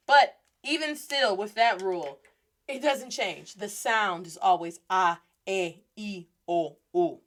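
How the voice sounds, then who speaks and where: A woman hosting a podcast and giving a playful, animated Spanish lesson, mixing Spanish phrases into her English. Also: medium pitch, slow. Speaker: podcast host and Spanish teacher.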